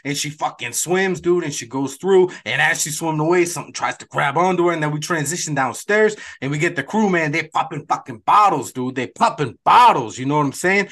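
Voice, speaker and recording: A man tells a film's plot in loose podcast chat, leaning on "dude" and "man" and swearing as he goes. His voice sits a little high for a man. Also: pushed and bright. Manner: slangy, swearing, says dude and man a lot. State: lightheaded and sweaty. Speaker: podcast co-host recapping a film. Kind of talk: casual chat, film recap.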